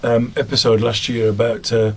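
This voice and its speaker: He's a voice actor from the English Midlands with a Black Country accent, answering interview questions in a chatty way and laughing easily at himself. His pitch is medium and his delivery flat, at a moderate pace.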